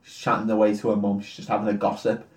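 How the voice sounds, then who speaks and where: A man's voice: fairly low pitch, monotone. Guy rambling thru a movie plot, swearing, echoey room, sounds a bit far off mic. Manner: crude, jokey storytelling with quick impressions. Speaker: podcast co-host. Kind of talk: casual comedic film recap.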